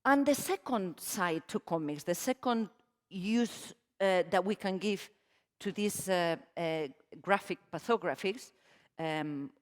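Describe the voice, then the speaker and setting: A middle-aged woman with a Spanish accent speaks at a conference in a lively, emphatic way, often restarting her phrases. Her voice is of medium pitch. A long reverb from the hall trails behind each word. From Spain. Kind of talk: conference talk.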